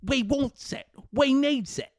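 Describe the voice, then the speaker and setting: A man voicing Gollum with a rough British accent, hissing and drawn-out. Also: very high-pitched, darkish tone, no echo, clean studio sound, voice pushed up. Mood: greedy. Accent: British impression. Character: Gollum as a British male creature, sneaky, rough, covetous.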